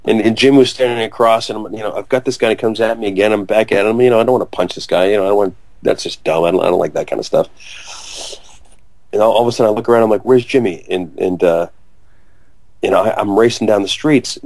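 Lively storytelling man, low voice. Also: dry recording. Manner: excitable storyteller, acts out quotes loudly, laughs a lot. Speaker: actor interviewee. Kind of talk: animated anecdote telling.

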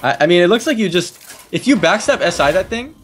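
A man co-casting a live card-game match with quick play-by-play calls. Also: high voice, lively intonation, a bit bright, soft background music. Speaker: esports commentator.

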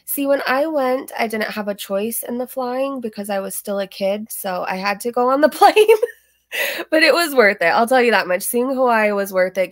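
A woman's voice: medium pitch, no echo, studio quality. A young woman hosting a live stream, chatting casually in an offhand, rambling way. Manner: offhand, dismissive, rambling with fillers. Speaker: commentary streamer host.

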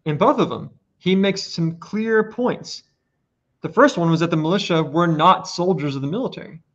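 An earnest man lays out his points on a casual podcast, pressing harder on each one. His voice sits a little high. The audio is dull and lo-fi. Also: normal speed, fairly bright tone. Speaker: podcast guest presenter. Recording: lo-fi muffled audio.

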